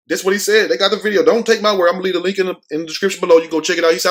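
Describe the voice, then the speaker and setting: A man's voice: sits high, fairly even intonation, very fast, few pauses, a bit bright. Brash joking male commentator. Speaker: show host. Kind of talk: comedic news commentary.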